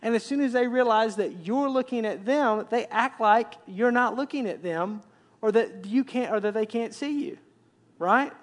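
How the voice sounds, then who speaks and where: A man's voice: high-pitched, normal speed. A man, preaching a conversational sermon and repeating words as he builds up. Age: 40s. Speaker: pastor.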